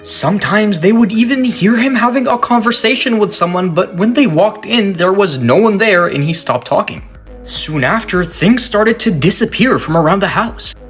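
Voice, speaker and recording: A man's voice: high voice, animated, normal speed, faint music behind. A man giving scripted narration of a creepy story in a teasing, suspense-building way.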